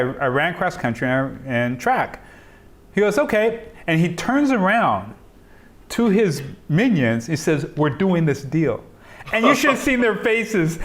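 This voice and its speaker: A middle-aged man telling stories in an oral history interview over a video call, acting out the dialogue and laughing often. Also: sits high. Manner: animated storyteller, acts out quoted dialogue, laughs often. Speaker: interviewee, software entrepreneur.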